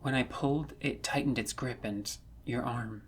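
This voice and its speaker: A man doing a soft, hesitant young woman soldier. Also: mid-range voice, normal speed, breathy edge, natural voice. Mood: subdued.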